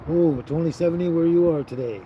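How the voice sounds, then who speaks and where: Hosting a casual outdoor livestream, a man reads and answers viewer chat with easygoing chuckles and trailing fillers. His voice is fairly high and quick, and the muffled recording picks up noticeable traffic noise.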